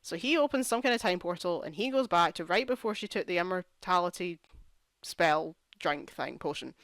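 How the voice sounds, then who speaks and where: A young woman vlogger casually reviews a TV series, ranting in exasperation and saying "like" constantly. Her voice is lowish, animated, and a bit bright, at a normal pace with no echo.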